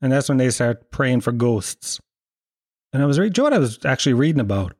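A man's voice: mid-range voice, lively intonation, fast, a little mellow, dry recording, clean studio sound. A man telling rambling comic stories in a casual, profane, wry way, laughing as he goes.

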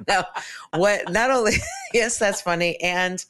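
A woman co-hosting a podcast in casual chat, with a dry, deadpan humor. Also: medium pitch, slow pace, pauses often, background noise. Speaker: podcast co-host.

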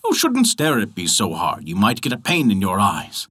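A man's voice: fairly low pitch, wildly swooping pitch, normal speed, fairly bright tone, slightly rough, pitched below the performer's own voice, exaggerated voice. A man voicing a brash, greedy young soldier in a storybook tale, blunt and commanding. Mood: wry.

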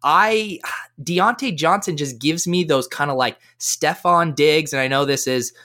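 Man, podcast guest, bright sharp tone, high-energy, eager casual chat. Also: unhurried.

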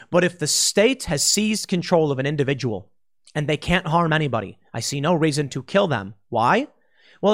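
A man's voice: fairly high pitch, a bit bright. Blunt, slangy male commentator. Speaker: political commentator. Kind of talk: opinion monologue.

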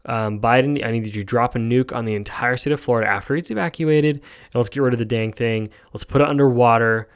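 Podcast host, young man, smooth clear voice, rambling sarcastic delivery. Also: medium pitch, a little fast. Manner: rambling, sarcastic, lots of ums. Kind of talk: casual solo podcast commentary.

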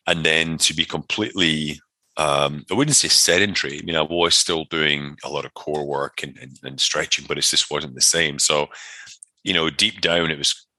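A man's voice: extremely low pitch, fairly even intonation, normal speed, bright, forceful tone, dry recording. A man, a personal trainer, telling his story as an interview guest in a rambling way, full of fillers and restarts.

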